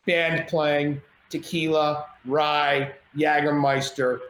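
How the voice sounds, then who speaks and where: A man telling a wild party story as a podcast guest, animated and profane, often restarting his sentences, at home. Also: a little high, slow pace. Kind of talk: casual storytelling. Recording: echoey room with faint background noise.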